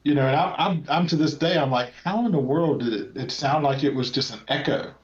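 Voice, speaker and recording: A man's voice: fairly high pitch, a little fast, slight background noise. An American man, a guest paranormal investigator, recounting field recordings in rambling casual chat with many restarts. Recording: echoey, dull lo-fi sound.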